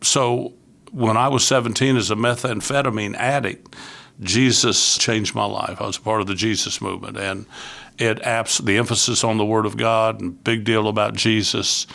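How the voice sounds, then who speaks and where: A man's voice: lowish voice, fairly even intonation, normal speed, vocal fry, fairly bright tone. An older man from Florida, a youth ministry leader, giving an earnest, conversational testimony as a podcast guest and acting out the voices he quotes.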